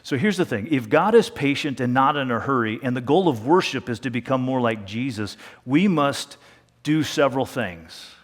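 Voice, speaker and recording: A man preaching a sermon in a conversational tone, with a middle-pitched voice that eases into slow, hushed stretches to drive points home. He speaks from a church sanctuary, and his voice rings out with a long, lingering reverb. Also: expressive. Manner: conversational preaching, slows down and drops to a hush for emphasis. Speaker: pastor.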